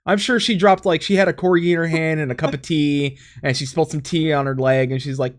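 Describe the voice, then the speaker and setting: A man's voice: a little high, steady tone, a little fast. An American man hosting a casual gaming podcast, joking, reading chat aloud and laughing often. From United States. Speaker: podcast host.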